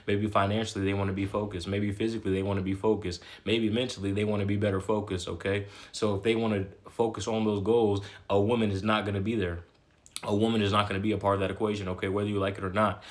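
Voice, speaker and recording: Guy talking fast and blunt, lots of "okay?", kinda low flat voice. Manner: repetitive, emphatic, keeps adding "okay?"; blunt and slangy. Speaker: motivational talker. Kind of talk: casual motivational monologue.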